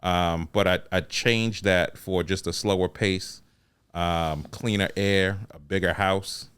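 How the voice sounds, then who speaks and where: Smooth low-voiced New Yorker. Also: male voice, steady tone, a bit bright. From New York. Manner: measured, thoughtful, lists things out. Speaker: podcast guest. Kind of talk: casual chat.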